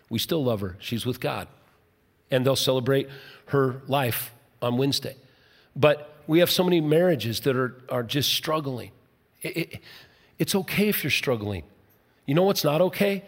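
A middle-aged male pastor preaching a sermon, jokey and conversational, dropping now and then to a soft, low voice. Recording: long hall reverb.

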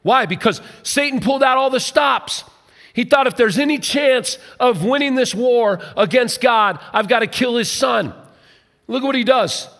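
A man preaching a sermon in a conversational way, his voice dropping low and quiet to stress points. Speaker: pastor. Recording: long hall reverb.

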